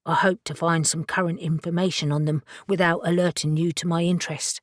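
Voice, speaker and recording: Brief: woman voicing a rumpled English gentleman rogue, genteel and wry, English accent. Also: lowish voice, flat delivery, a little fast, dry recording, studio quality, lightly acted. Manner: polite, self-effacing, wry.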